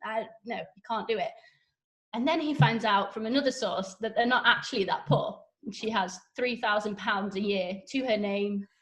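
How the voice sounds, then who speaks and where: A woman casually recapping a story on a podcast, chatty and animated, with lots of "like". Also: mid-range voice, normal speed, few pauses. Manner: chatty, animated retelling with frequent "like". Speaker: podcast guest. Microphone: podcast microphone.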